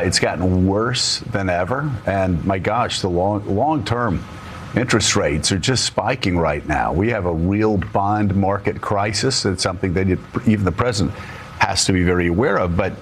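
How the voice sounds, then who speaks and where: A man's voice: fairly low pitch, slight background noise. A man hosting a political talk show, emphatic and heated, repeating words as he builds a point. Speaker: host.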